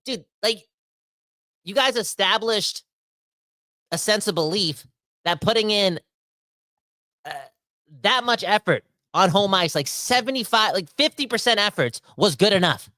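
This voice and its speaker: A young man with a bright, forceful, fairly high voice holds forth on a casual podcast. He rambles and restarts often, swinging between heated outbursts and quiet asides, recorded dry and close. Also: animated, unhurried, long pauses, no room sound. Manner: rambling with frequent restarts and self-corrections. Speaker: podcast host. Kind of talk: casual ranting podcast talk.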